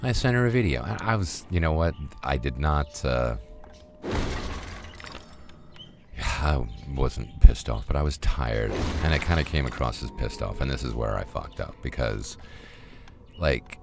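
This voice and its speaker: A man's voice: very deep voice, lively intonation, measured pace, vocal fry, long pauses, music in the background. A middle-aged man streaming a game, telling a rambling story casually with lots of swearing and fillers. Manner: rambling, profane, full of fillers. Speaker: gaming streamer.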